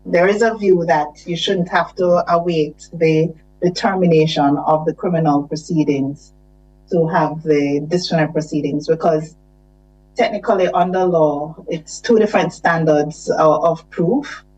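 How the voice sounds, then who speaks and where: Low-voiced woman explaining law. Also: steady tone, unhurried, darkish tone. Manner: hesitant, filler-heavy explanation. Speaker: legal counsel. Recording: dull lo-fi sound.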